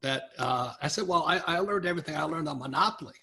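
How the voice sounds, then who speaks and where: An older man, a guest author, telling animated anecdotes in an interview, acting out quoted voices. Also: a little high, fast talker. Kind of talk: storytelling interview.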